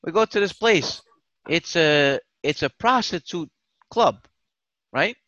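A man's voice: fairly high pitch, lively intonation, slow pace, sharp tone, no room sound, dull audio. A man telling a story with animation on a casual podcast chat, swearing and repeating himself. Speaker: podcast host.

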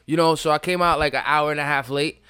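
A man co-hosting a casual podcast, telling stories loudly with frequent laughing outbursts. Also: on the high side, fast, clean tone, no echo. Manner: loud, laughing, animated storytelling with shouted outbursts. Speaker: podcast co-host. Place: studio room.

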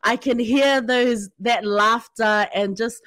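A woman's voice: fairly high pitch, slow pace, dry recording, clean studio sound. A woman hosting a podcast, chatting casually and enthusiastically with a guest. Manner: warm, enthusiastic, frequent affirming "mm". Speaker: podcast host. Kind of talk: casual interview chat.

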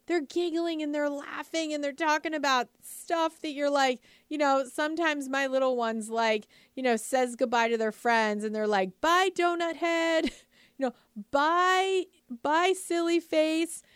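A woman's voice: high-pitched, fairly even intonation, normal speed, no echo, studio quality. A woman giving a casual, upbeat motivational talk to moms, chatty and full of "like" and "you know", often asking the listener rhetorical questions. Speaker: lifestyle speaker addressing moms.

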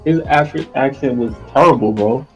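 A man's voice: mid-range voice, brisk, muffled recording, faint music behind. A man co-hosting a podcast in casual, slangy chat, offering his own opinions. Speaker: podcast co-host. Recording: voice distant from the mic.

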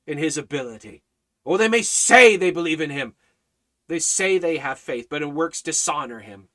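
A man's voice: fairly high pitch, animated, moderate pace, bright, forceful tone. A man giving a Bible study as a sermon, preaching fervently with emphatic, repeated lines that build in intensity. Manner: preaching with rising fervor, repetitive emphatic lines. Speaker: Bible teacher.

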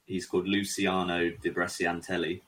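A man's voice: sits low, little pitch movement, normal speed, fairly bright tone, slightly rough, low-quality recording. A man co-hosting a casual podcast, answering in short, dry remarks. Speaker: podcast co-host. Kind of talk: casual chat.

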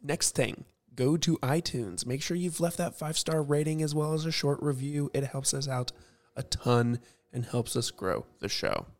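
Junger Mann, leise und gedämpft, Südstaaten-Akzent. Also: male voice, animated, moderate pace. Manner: speaking low and hushed late at night. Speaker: podcast host. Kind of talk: casual podcast chat and ad read.

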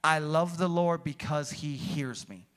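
High-voiced pastor preaching with fire. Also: male voice, measured pace. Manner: energetic, rises to high shouted peaks then drops low; calls out "come on", "praise the Lord" to the congregation. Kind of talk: sermon. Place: church.

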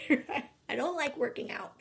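A woman's voice: sits high, lively intonation, slow, vocal fry, fairly bright tone. A woman co-hosting a casual podcast chat, emphatic and full of rhetorical questions, laughing often. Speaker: podcast co-host.

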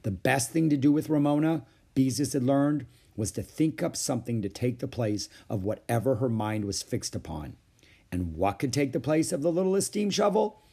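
A man reading a children's book aloud with expressive storytelling. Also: medium pitch, normal speed, vocal fry, husky. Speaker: storybook reader.

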